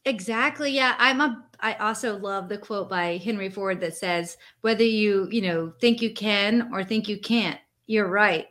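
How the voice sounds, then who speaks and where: A woman's voice: medium pitch, a little slow, hardly any pauses, fairly bright tone. A woman hosting a podcast, asking curious, prompting questions in a casual chat. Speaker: podcast host. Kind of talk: casual interview.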